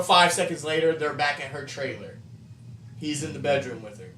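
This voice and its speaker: A man's voice: a little high, animated, normal speed, sharp tone. A man co-hosting a casual chat, animatedly retelling a story with swearing and laughter. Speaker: co-host. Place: room during a painting stream. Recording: roomy, distant mic, faint noise.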